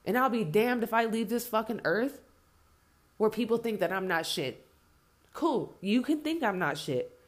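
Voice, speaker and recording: A woman's voice: fairly high pitch, fairly quick. A woman delivering an impassioned spoken rant, blunt and heavily profane, hammering points home by repeating herself.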